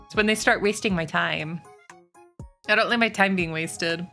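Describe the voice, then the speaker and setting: Chatty woman streamer, bright voice. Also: lowish voice, moderate pace, gravelly, faint music behind. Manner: chatty, swearing, animated rants. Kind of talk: casual stream chat, reading chat.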